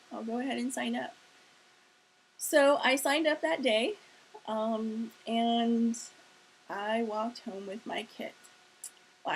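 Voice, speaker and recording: A woman's voice: a little high, low-quality recording. A woman casually telling a personal story in a chatty manner, laughing and acting out the quotes. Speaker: sales leader telling her story. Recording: faint hiss.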